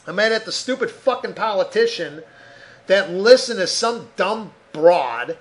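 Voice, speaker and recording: A man's voice: high-pitched, expressive, normal speed. A man hosting a podcast, ranting heatedly with constant swearing. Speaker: podcast host.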